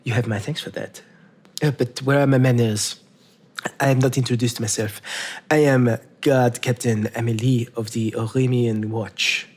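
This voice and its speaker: A man's voice: mid-range voice, fairly even intonation, normal speed, a little mellow, natural voice. A man voicing a formal, polite woman guard captain in her thirties, speaking in a stiff, courteous manner.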